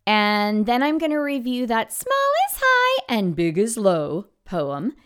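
A woman music teacher talks through classroom activities in a smooth, clear voice. She explains each step in an encouraging way and jumps her voice high or drops it low to show the children's parts. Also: takes it slowly. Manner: lively, demonstrates with sudden high and low voice swoops. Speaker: elementary music teacher and podcast host. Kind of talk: instructional podcast talk.

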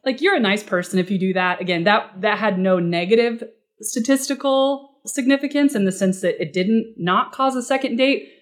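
A woman speaking as a guest expert in a podcast interview, casual and animated, often acting out short quoted exchanges. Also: medium pitch, normal speed. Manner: animated, acts out client dialogue in quoted voices; casual, uses fillers like "like" and "you know".

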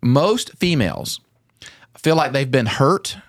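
A man's voice: mid-range voice, sing-song, slow, no room sound. Casual earnest man in his forties hosting a podcast, dry close mic. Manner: earnest, conversational, laughs often. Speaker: podcast host.

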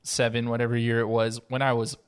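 A young man hosting a podcast, steering the discussion in a relaxed, casual way. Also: medium pitch, fairly quick, clear, resonant tone. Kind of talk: casual chat.

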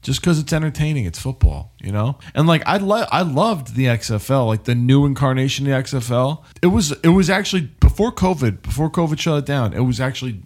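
A man's voice: mid-range voice, lively intonation, fairly quick, few pauses, darkish tone. A man, co-hosting a podcast in casual, rambling chat full of swearing. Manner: laid-back, rambling, swears a lot. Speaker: podcast co-host.

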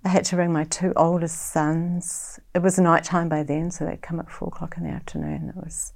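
As an interview guest, a soft-spoken middle-aged woman with a New Zealand accent tells her personal story in an expressive, fairly low voice. Her telling is hesitant and reflective.

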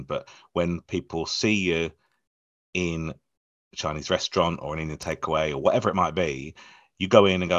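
A man's voice: extremely low pitch, no room sound, muffled recording. A man, a comedy promoter, chatting casually in an interview and acting out the people in his stories. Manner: animated storyteller, acts out quoted voices.

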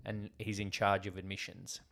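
This podcast co-host chats casually about a film, rambling and often trailing off with "like." His voice sits low and gravelly with a fairly bright tone, and he keeps a level tone at normal speed.

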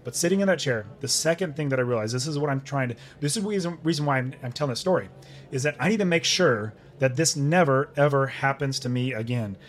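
A man's voice: medium pitch, fast talker, soft background music. A middle-aged man, a podcast guest, telling a personal story in conversation and acting out his own past thoughts.

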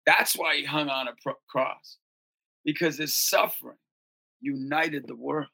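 A man who leads a youth ministry and coaches basketball, telling stories in an animated interview and often jumping into shouts and high-pitched voices. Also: measured pace, gravelly.

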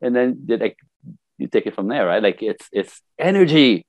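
An older man who works as a life coach chats in a conversational interview, speaking at a moderate pace with medium pitch and no echo. He's an animated storyteller who acts out what people tell him.

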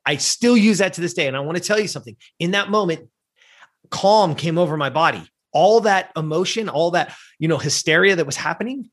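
A man's voice: a little high, brisk. A middle-aged man telling a personal story as a guest, acting out the voices of the people in it. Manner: animated, acts out voices in his story. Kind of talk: storytelling in a conversation.

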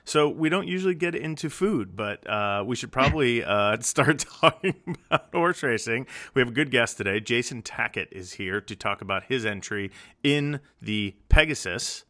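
A man's voice: medium pitch, expressive, normal speed, sharp tone, no echo, studio quality. A man hosting a podcast in casual chat, upbeat and teasing with his co-host.

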